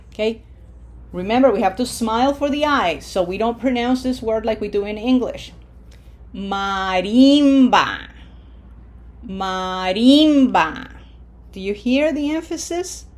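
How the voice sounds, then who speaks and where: A woman whose voice sits on the high side teaches Spanish in a recorded online lesson. She walks through the rules patiently, regularly asks "okay?" to check on the listener, and slows down on example words to model their pronunciation.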